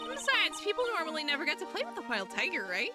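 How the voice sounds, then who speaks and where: A woman's voice: high-pitched, huge pitch swings, fast, over loud music. Woman doing a breezy, flirty circus tamer.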